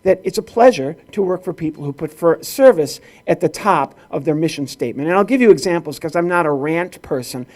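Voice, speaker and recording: A man's voice: on the high side, animated, a little fast, hardly any pauses, darkish tone. A middle-aged man from the rural Midwest doing stand-up comedy at a corporate event, telling stories with acted-out dialogue. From rural Illinois, US Midwest.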